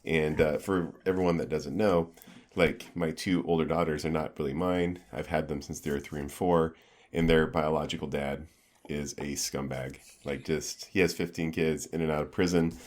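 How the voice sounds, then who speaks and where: A man's voice: extremely low pitch, fairly even intonation, normal speed, a little mellow. A middle-aged man co-hosting a podcast, telling a story in casual chat with lots of fillers and restarts. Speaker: podcast co-host.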